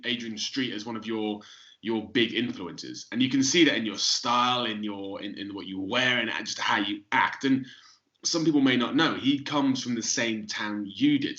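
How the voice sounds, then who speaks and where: A man's voice: medium pitch, sharp tone. A male interviewer asking conversational questions and leading his guest into stories. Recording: dull lo-fi recording.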